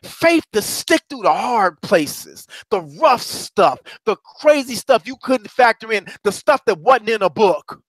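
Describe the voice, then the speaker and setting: Man, high voice, motivational coach, emphatic repetition, dry close sound. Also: expressive, unhurried, few pauses, no room sound. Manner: emphatic and repetitive, swings from low murmurs to loud high exhortation. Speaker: self-described courage coach. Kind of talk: motivational talk to a congregation.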